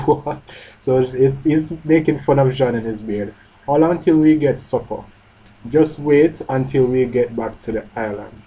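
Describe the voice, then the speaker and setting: Husky-voiced man reading manga aloud. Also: mid-range voice, low-quality recording. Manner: reads panels aloud, breaks off to comment, swears and shouts in outrage. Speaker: manga reaction host. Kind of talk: live manga reading and reaction.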